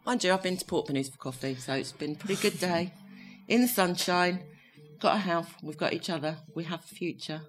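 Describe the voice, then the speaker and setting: A woman's voice: fairly low pitch, a little fast. A woman co-hosting a podcast in casual chat, teasing her partner and laughing often. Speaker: podcast co-host.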